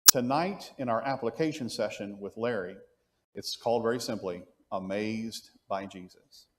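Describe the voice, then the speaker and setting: A man's voice: on the low side, moderate pace, big-room sound. A man teaching an adult Bible class at church, asking the class questions as he goes. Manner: animated, asks the class questions.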